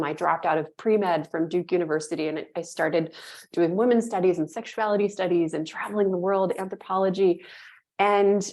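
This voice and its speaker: A woman in her thirties, a podcast guest, telling a personal story with animated delivery and acting out the inner voices she recalls. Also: on the low side. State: moved to tears at times.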